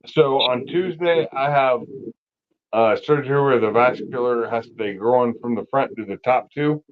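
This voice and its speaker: A man's voice: mid-range voice, moderate pace, lo-fi sound. A man talking casually on a livestream, blunt and swearing often. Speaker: guest on a car livestream. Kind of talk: casual chat.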